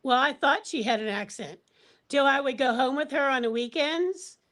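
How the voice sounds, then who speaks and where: A woman from the Pittsburgh area chatting as a guest on a live panel, full of quick asides and fillers. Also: high voice, a bit bright. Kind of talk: casual chat.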